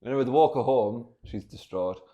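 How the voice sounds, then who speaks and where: A man's voice: medium pitch, a little fast, mellow, dull audio. Male comedy co-host, playful improviser, mid-range voice. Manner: playful, acting out characters in silly voices. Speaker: podcast co-host.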